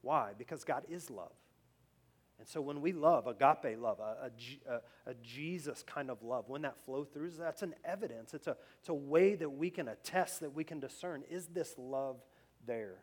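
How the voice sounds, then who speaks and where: A pastor preaching a conversational sermon. He often restarts his phrases and grows louder as he drives a point home. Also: mid-range voice, moderate pace.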